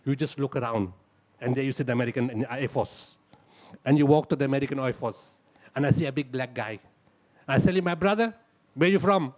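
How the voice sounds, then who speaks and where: A man's voice: mid-range voice, a little fast, long pauses, darkish tone. A middle-aged man, telling a dramatic story at a live talk, acting out the dialogue and hammering home lists. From South Africa. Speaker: humanitarian speaker.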